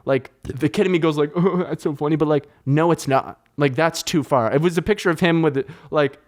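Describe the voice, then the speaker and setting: Profane, animated male podcast host. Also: on the high side, brisk. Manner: animated, profane, heated retelling of anecdotes. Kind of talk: casual storytelling chat.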